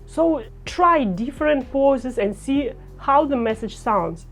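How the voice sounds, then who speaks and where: A woman leads a lesson on speaking naturally on camera. Her pace is very slow and deliberate, as if she were demonstrating each phrase, and her voice sits slightly high. Faint music plays behind her. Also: animated. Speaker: speaking coach.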